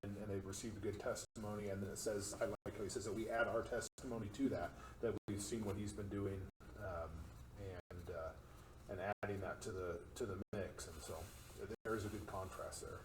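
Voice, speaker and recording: A man with a somewhat low voice thinks aloud during a casual Bible study, restarting his sentences as he works out his point. He sounds distant in an echoey room, with faint noise underneath. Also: steady tone, normal speed, darkish tone. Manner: thoughtful, restarts often.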